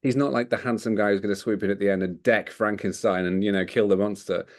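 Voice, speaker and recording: His voice is on the low side, steady and a little mellow, and he talks fast. As a podcast co-host, he rambles casually through a film discussion, laughing frequently.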